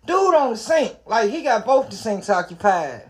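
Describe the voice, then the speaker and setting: Man, high voice, casual storytelling, profane, acts out quotes. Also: sing-song, normal speed, a loud crowd.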